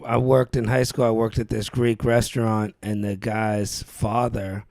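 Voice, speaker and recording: A young man co-hosting a podcast, telling animated stories and laughing often. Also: fairly low pitch, a little slow, vocal fry, no room sound, clean studio sound. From Ohio. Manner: animated storyteller, laughs often, acts out quoted voices. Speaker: podcast co-host. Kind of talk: casual podcast chat.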